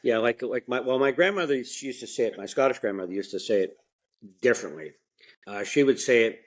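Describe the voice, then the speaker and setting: A man's voice: medium pitch, animated, brisk, highs cut off. A man telling stories as a podcast guest in a colloquial, rambling way, with frequent restarts and asides. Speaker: podcast guest, mechanic and franchise owner. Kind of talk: casual interview storytelling.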